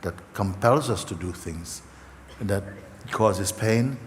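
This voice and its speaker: A man with a lowish voice gives a spiritual talk, slow and halting, circling back on his words with soft fillers. His voice rings with a long hall reverb, and a faint hum of ambience sits beneath it. Some emotion runs through the talk. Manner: gentle, halting, many fillers and repeats. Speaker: spiritual teacher.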